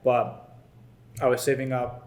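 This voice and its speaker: A young man co-hosting a casual podcast, telling animated stories and asking questions. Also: medium pitch, reverberant. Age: young adult. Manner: animated storyteller, asks quick questions. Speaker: podcast co-host. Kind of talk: casual chat.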